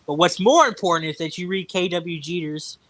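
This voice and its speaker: Animated, jokey man with a bright voice. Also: high voice, a little fast. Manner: animated, jokey, swears casually. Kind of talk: casual chat.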